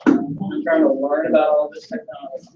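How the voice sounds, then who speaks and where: A man's voice: on the high side, flat delivery, moderate pace, mellow, faint music behind. A man with a Southern US accent, a historian chatting with students in a casual Q&A, enthusiastic, with lots of ums and restarts. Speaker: historian answering students' questions. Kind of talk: casual Q&A over a video call. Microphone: video call. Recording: echoey, distant, muffled video call audio with light noise.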